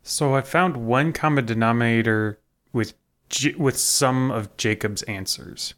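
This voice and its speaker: A man co-hosting a podcast, explaining a point in casual chat with halting restarts. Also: mid-range voice, fairly bright tone. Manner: explains carefully with hesitant restarts. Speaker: podcast co-host.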